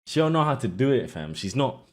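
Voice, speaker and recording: A man's voice: medium pitch, big pitch swings, a little fast. A man hosting a reaction video, joking around in heavy slang and talking straight to his chat. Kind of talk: casual reaction commentary.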